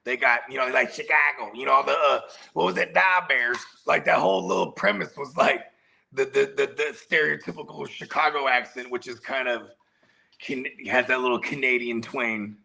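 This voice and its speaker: A man co-hosting a casual podcast, loud and laughing, who breaks into high shouted catchphrases. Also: steady tone, normal speed, vocal fry. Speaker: co-host.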